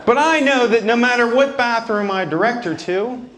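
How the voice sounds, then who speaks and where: Man, stand-up comedian, high pitch, animated delivery, night club, crowd laughing. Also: normal speed, a little hiss or hum. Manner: animated, acts out quotes.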